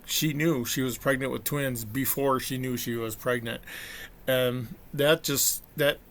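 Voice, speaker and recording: A middle-aged man telling a family story in a casual, rambling monologue, acting out what people said. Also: medium pitch. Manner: chatty storyteller, acts out quotes. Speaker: vlogger.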